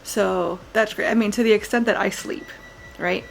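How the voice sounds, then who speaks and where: A woman's voice: mid-range voice, fairly even intonation, moderate pace, vocal fry, slight background noise. A tired woman in her thirties from the United States, chatting casually to camera in a daily home vlog, rambling with fillers and yawns. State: tired, yawning. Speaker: vlogger. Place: at home, indoors.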